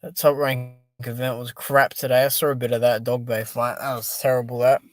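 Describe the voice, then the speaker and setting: A man's voice: mid-range voice, little pitch movement, a little fast, dry recording. Sleepy man chatting on stream. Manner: chatty, reacting and reading viewer comments. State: tired and sleepy. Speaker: boxing stream host. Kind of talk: casual live-stream chat.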